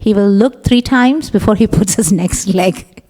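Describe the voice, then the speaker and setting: A middle-aged woman giving a scripture class, telling the story in an animated way and acting out the voices of its characters. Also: medium pitch, a little slow. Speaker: class speaker. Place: temple hall. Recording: long hall reverb.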